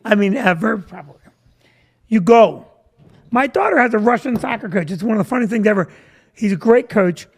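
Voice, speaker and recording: A man's voice: sits high, animated, brisk, pauses often, breathy edge. A middle-aged man hosting a chat show as a comedian, telling stories in a joking, self-deprecating way. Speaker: comedian and host.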